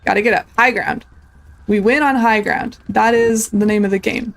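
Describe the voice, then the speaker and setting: A woman casually commentating her survival game playthrough, chatting to the creatures on screen and breaking into excited yelps. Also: a little high, normal speed, creaky, low-quality recording. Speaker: gameplay streamer. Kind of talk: casual let's-play commentary.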